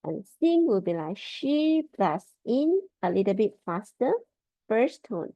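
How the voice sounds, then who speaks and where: A woman teaching a Mandarin lesson over a video call, drilling tones slowly and patiently. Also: mid-range voice, big pitch swings, dry recording. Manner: slow, patient drilling of tones, repeating words. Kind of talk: online language lesson. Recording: dull lo-fi video call audio.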